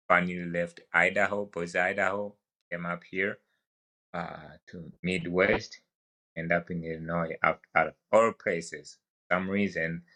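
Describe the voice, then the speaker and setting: Relaxed and somewhat halting, a young man tells stories in a low, bright voice with an African accent. He's a wildland firefighter appearing as a guest in a casual podcast conversation.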